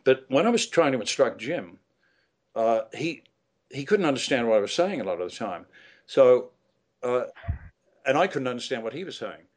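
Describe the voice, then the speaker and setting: A man's voice: medium pitch, sing-song, moderate pace, pauses often. Rambling older man telling stories. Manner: rambling, hesitant, many fillers and restarts. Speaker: guest. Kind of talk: casual storytelling interview.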